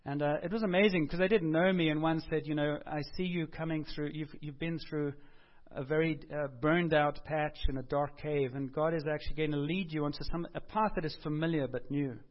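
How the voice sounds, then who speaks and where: A man preaching a sermon in a conversational, animated way, rising for emphasis and dropping softly when quoting. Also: fairly high pitch, a little fast, hardly any pauses. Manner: conversational, animated, rises for emphasis and drops softly for quoted words. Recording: dull lo-fi sound.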